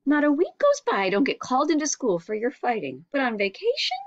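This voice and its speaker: A man's voice: extremely high pitch, wildly swooping pitch, fairly quick, no room sound, highs cut off, voice pushed up, heavily acted. A woman reading a storybook, voicing a stern, exasperated father.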